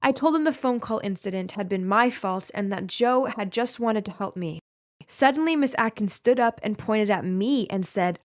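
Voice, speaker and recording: A young woman telling a first-person story in lively, expressive scripted narration. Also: on the high side, normal speed.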